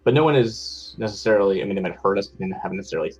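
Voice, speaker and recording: A man's voice: fairly low pitch, lively intonation, very fast, darkish tone, faint music behind. A man playing a tabletop game, casually asking questions and thinking aloud. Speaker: player. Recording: slightly muffled audio.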